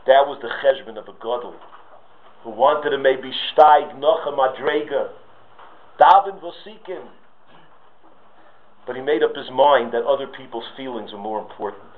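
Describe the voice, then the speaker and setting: A man giving a sermon with stories, rising to impassioned pleas. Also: medium pitch. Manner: storytelling, rises to impassioned pleas. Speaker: rabbi giving a talk. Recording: tinny phone-like audio.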